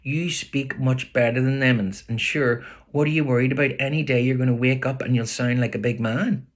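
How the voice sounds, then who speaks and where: A man with a Belfast accent voicing a sharp-tongued, protective working-class mother, blunt and scolding. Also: medium pitch, steady tone, a little fast, pitched above the performer's own voice, natural voice. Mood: coaxing.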